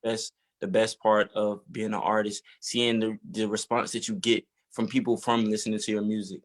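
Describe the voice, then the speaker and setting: A man's voice: lowish voice, level tone, moderate pace. A man from Georgia in the US, a musician answering interview questions hesitantly with many fillers. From Georgia, USA. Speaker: musician guest. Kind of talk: casual interview.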